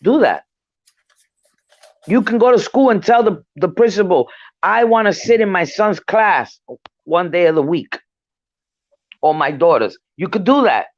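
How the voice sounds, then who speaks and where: A middle-aged woman guest on a remote call who talks in an emphatic, rallying way, slowing down for key words. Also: fairly low pitch, lively intonation, dull audio. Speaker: guest, community leader. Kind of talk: casual discussion on a call.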